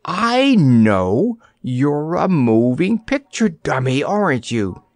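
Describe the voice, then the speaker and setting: Man doing a brave little girl, curious, earnest, high-pitched, lively, storybook reading. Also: a little slow, creaky, slightly rough, no echo, heavily acted. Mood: wondering. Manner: wide-eyed and earnest.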